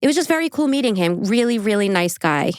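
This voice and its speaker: A woman hosting a casual true crime podcast, chatty and animated, laughing often and filling her talk with "like". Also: medium pitch, quick pace, no echo, studio quality. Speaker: podcast host.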